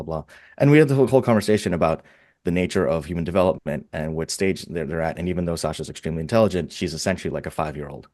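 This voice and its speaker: Heard over a video call, this webinar panelist speaks casually, with rambling enthusiasm and frequent repeated words as he thinks out loud. His voice is deep and a little mellow, captured in a dry, studio-quality recording.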